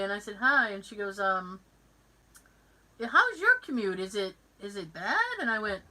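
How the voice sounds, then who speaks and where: In a casual podcast chat, this woman brings her anecdotes to life by performing each character's voice herself. She speaks at medium pitch and normal speed, though the audio is poor.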